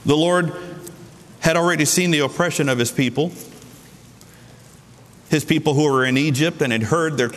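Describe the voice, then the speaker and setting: A middle-aged man preaches a sermon in a church hall, his voice sitting a little high for a man. He leans on key words, slowing down and leaping up in pitch for emphasis. A long reverb trails behind him in the room. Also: fairly bright tone. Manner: emphatic preaching with sudden pitch jumps and slowed stresses. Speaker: pastor.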